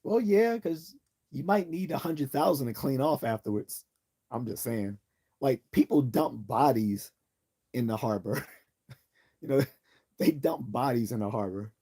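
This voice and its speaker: Dude on a livestream ranting, warm dark voice, cussing and cracking himself up. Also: male voice, mid-range voice, measured pace, pauses often, husky. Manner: rambling and profane, laughing often at his own jokes. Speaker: livestream host. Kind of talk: casual livestream rant.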